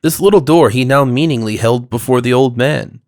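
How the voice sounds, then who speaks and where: A male audiobook narrator reads a script at a moderate pace in a steady, medium-pitched voice. The recording is studio quality, with no room sound.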